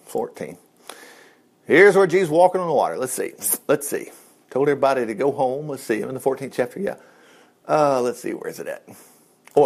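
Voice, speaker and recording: A man's voice: on the high side, vocal fry, darkish tone, breathy edge. A man preaching an informal sermon in a folksy, conversational way, acting out voices as he teaches. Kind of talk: informal sermon on Bible passages.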